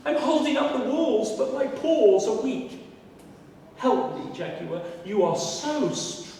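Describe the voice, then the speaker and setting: A man voicing a sly, boastful male rabbit trickster in a told folk tale, high and wheedling. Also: sing-song, slow pace, darkish tone, a little hiss or hum, full character voice. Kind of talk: storytelling performance. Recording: echoey hall, voice from far off.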